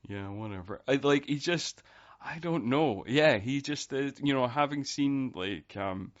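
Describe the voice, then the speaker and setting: A man's voice: medium pitch, unhurried. A man who is a podcast guest, talking casually and rambling with many fillers. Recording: dull, lo-fi sound.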